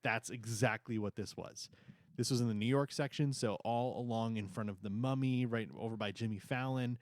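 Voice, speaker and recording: A young adult man with a mid-range voice co-hosts a casual chat reviewing theme park events, enthusiastic and rambling, occasionally tripping over words. His intonation is fairly even and his pace moderate, recorded with clean studio sound and no room echo.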